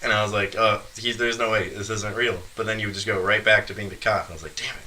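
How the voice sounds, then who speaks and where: Bright-voiced young man telling a story. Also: lowish voice, fairly even intonation, fast, slight background noise. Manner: laughing often while telling a story. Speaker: podcast guest storyteller. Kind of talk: casual chat.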